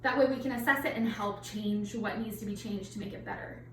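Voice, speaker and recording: A woman's voice: medium pitch, fairly even intonation, fairly quick, a bit bright, a little hiss or hum. A woman working as a night nurse, talking a little out of breath through a face mask as she teaches a nursing simulation in a chatty, informal way with many fillers. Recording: roomy echo, mic at a distance.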